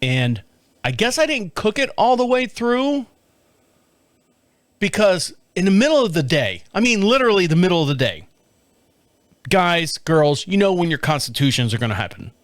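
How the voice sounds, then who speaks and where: A middle-aged man telling a story casually on his podcast, animated and laughing often, with some swearing. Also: high voice, moderate pace, long pauses, no room sound. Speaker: podcast host. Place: home studio.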